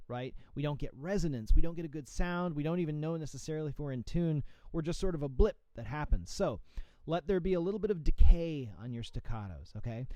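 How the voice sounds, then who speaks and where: A man's voice: fairly high pitch, warm tone, clear, resonant tone, no echo. A man, a music professor, giving coaching tips in an instructional podcast and checking in often with "okay?" and "right?". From USA.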